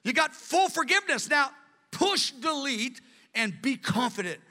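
A man preaching a sermon with earnest, animated delivery, in a large hall. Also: extremely high pitch, unhurried. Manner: earnest, acts out quoted voices. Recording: long hall reverb.

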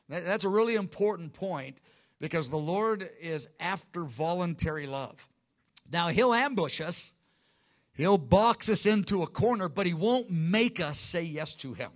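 A man's voice: fairly high pitch, animated, moderate pace. A man preaching a sermon with earnest emphasis, often restarting phrases and acting out quotes. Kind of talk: sermon teaching.

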